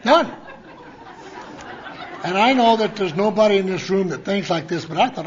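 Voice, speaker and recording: High-voiced folksy man telling stories. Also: lively intonation, normal speed, pauses often, slight background noise. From Montana. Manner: folksy, rambling, many restarts, acts out quoted voices. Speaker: conference speaker. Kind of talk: recovery talk storytelling. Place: conference hall. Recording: lo-fi conference tape.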